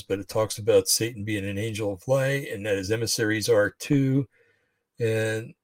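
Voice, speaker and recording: A man's voice: on the low side, no room sound. A man rambling through religious commentary on a livestream, slightly out of breath, full of fillers and restarts. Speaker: podcast host.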